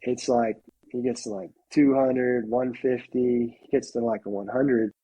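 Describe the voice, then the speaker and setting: A man's voice: medium pitch, a little slow, breathy edge, rough recording. A middle-aged man, a podcast guest, telling a hunting story casually and animatedly, often saying "like" and acting out what people said. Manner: animated storyteller, acts out quotes, heavy use of "like".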